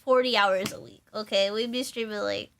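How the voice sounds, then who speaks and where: A young woman VTuber chatting on a live stream, rambling without pausing and laughing often. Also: medium pitch, steady tone, creaky, fairly bright tone, a little hiss or hum. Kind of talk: casual live-stream chat.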